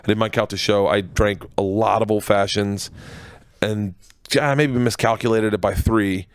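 A man's voice: on the low side, fairly even intonation, normal speed, smooth, dry recording. A man from Florida, a stand-up comedian, telling stories in a radio studio interview, laughing and acting out the people he quotes. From Florida, USA. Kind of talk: storytelling interview.

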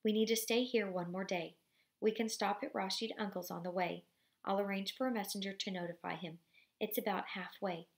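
A woman reading the part of a stern, worried father who gives flat, clipped orders. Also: medium pitch, brisk, gravelly, natural voice.

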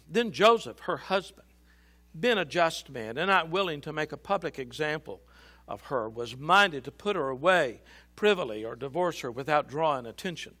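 A male pastor reading scripture and a book aloud dramatically in a church, swinging between loud and hushed. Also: on the high side, expressive, moderate pace. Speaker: senior pastor. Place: church sanctuary.

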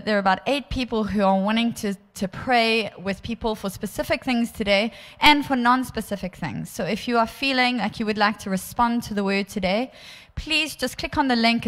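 A woman with a South African accent speaks gently and encouragingly, pausing now and then. Her fairly high voice carries a long reverb from the church hall. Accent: South African English. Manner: gentle, encouraging, slightly hesitant. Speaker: church leader making announcements. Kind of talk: closing announcements.

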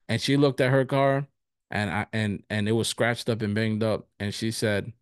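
A male pastor teaching a casual bible study, telling personal stories with frequent laughter and animated retelling. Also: medium pitch, moderate pace, dry recording, studio quality.

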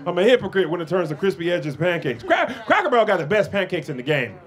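A man performing a stand-up comedy set with excitable, animated storytelling. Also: high-pitched, fast talker.

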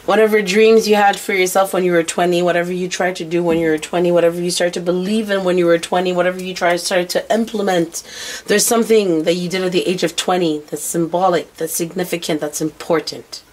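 A woman's voice: on the low side, fairly even intonation, quick pace, a little mellow. A woman giving a casual tarot reading, blunt and swearing freely as she relays what she says spirit tells her. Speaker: tarot reader.

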